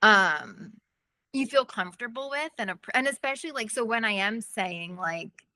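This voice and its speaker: Bright-voiced chatty actress. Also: female voice, fairly high pitch, expressive, moderate pace, dry recording. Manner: chatty, laughs often, acts out her own thoughts. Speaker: actress, interview guest. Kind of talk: casual interview chat.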